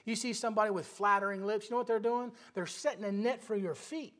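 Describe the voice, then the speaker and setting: A pastor preaches a Bible study sermon in church, swinging between quiet asides and loud, emphatic exhortation. He has a high-pitched voice and talks fast.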